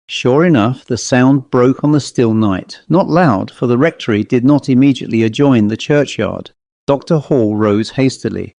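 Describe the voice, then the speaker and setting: A man reading a classic ghost story aloud in a measured, even narration. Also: medium pitch, gravelly, dry recording. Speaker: audiobook narrator.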